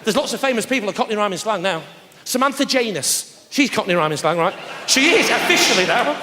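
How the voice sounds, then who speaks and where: A man doing live stand-up comedy, teasing the crowd, with loud punchlines. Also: high voice, animated, quick pace. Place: large theatre stage with audience. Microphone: stage microphone. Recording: roomy live theatre with audience noise. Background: audience laughter.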